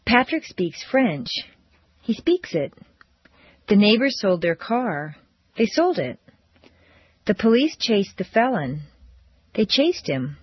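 Woman, pronunciation teacher, slow exaggerated drills, breathy, dull dry lo-fi recording. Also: medium pitch, big pitch swings, no echo. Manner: slow, deliberate, exaggerated intonation.

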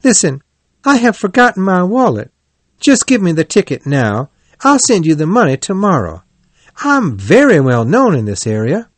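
A man's voice: medium pitch, big pitch swings, measured pace, husky, no room sound, pitched above the performer's own voice. A man voicing a vain, boastful male toad disguised as a maid, in a whiny, pleading, self-important voice for a storybook reading.

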